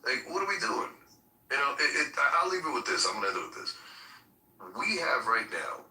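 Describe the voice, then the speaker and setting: Lively, bright-voiced man ranting on a podcast. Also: medium pitch, a little fast. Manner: animated, profane, rhetorical. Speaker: podcast co-host. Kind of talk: casual political talk. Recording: roomy echo, far from mic.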